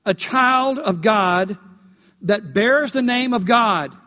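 Male pastor, emphatic sermon, high voice, echoing church hall. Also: animated, slow pace. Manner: emphatic preacher, rises to loud storytelling peaks. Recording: long hall reverb.

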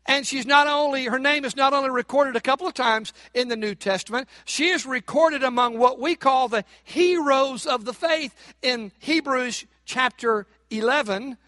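A man's voice: extremely high pitch, moderate pace, few pauses, pushed and bright, dry recording, studio quality. A man preaching a Sunday sermon as pastor, speaking with rising emphasis and asking the congregation rhetorical questions.

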